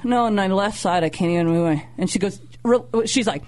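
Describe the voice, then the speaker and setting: A woman co-host telling a funny personal story in casual chat, acting out her own panicked voice with high squeals. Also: brisk, hardly any pauses. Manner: animated, squeals in high pitch when acting out pain. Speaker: radio show co-host.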